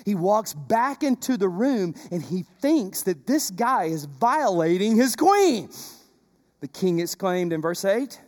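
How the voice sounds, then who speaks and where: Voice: medium pitch, sing-song, takes it slowly, a little mellow. A pastor delivering a sermon, retelling a story with rhetorical questions.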